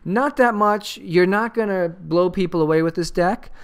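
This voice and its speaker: A man's voice: high-pitched, normal speed, clean tone. Rambling man hosting a card game channel. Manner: rambling and joking, with many fillers. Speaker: channel host. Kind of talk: casual card game commentary.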